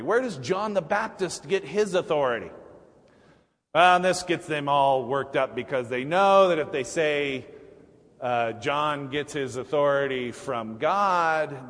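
A male pastor preaching a sermon in a relaxed, humorous, conversational way, often restarting his sentences. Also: a little high, measured pace, big-room sound. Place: church sanctuary.

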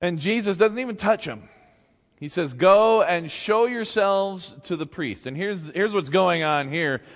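A man with a fairly high voice preaches a conversational sermon, lively and loose rather than formal. He acts out the voices in the story and chuckles as he goes, and the church hall's long reverb trails behind him. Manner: conversational, animated, acts out shouted quotes, chuckles. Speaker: pastor. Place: church sanctuary.

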